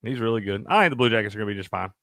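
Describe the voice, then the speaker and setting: A man's voice: fairly low pitch, very fast, no room sound, studio quality. A man co-hosting a casual sports betting chat, cursing freely and laughing often. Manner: profane, animated, laughs a lot. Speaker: sports betting show co-host.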